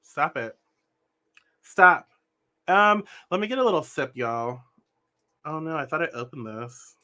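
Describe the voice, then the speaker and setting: A young man reads tarot cards in a bright, somewhat raised voice. He talks earnestly, circling back and restarting his thoughts as he gestures with his hands. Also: on the high side, lively intonation, a little slow. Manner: earnest, meandering, self-correcting. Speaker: tarot reader. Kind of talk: spiritual tarot reading.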